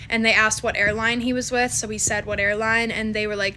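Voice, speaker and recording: Young woman vlogger, bright, slightly high voice, chatty and exasperated. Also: steady tone, a little fast, hardly any pauses, slight background noise. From Canada. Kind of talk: casual talking-to-camera commentary.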